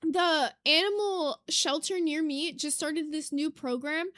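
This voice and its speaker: A young adult woman streaming live, chatting casually with her chat, reading comments and getting excited, swearing casually. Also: high-pitched, measured pace, no echo. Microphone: desk mic.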